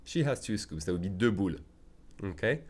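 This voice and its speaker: A man's voice: sits low, expressive, fairly quick. Patient man teaching a language lesson. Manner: patient, methodical, often checking in with "okay?". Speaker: French teacher.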